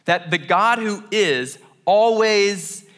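A man's voice: on the high side, animated, normal speed, sharp tone. A young man preaching a sermon as pastor, in a casual, conversational way, often asking "right?" and acting out quoted voices. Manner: acts out voices of biblical figures in quoted asides.

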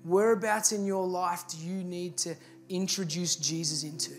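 With soft music in the background, an Australian pastor from Victoria speaks at normal speed in a high, steady voice. He shares a personal story during a sermon, working up to earnest and emphatic appeals.

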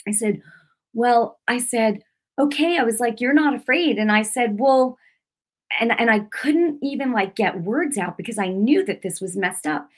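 A middle-aged woman gives a personal testimony of faith, in the manner of a sermon. Her retelling is emotional and animated, full of fillers and restarts. Now and then she swells into an intense, raised voice as she acts out her prayers. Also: on the high side, normal speed, few pauses. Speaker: Christian speaker giving a testimony.

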